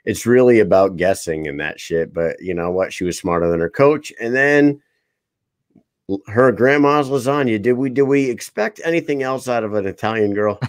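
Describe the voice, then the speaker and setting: Profane, rambling co-host with a low voice. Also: male voice, lively intonation, normal speed, no echo. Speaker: podcast co-host. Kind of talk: casual chat.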